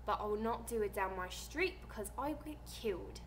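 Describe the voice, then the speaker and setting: A seventeen-year-old American girl chatting casually on her vlog, rambling softly and trailing off. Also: mid-range voice, animated, fairly quick, a little hiss or hum. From United States. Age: teens. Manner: soft, rambling, trailing off quietly. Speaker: vlogger.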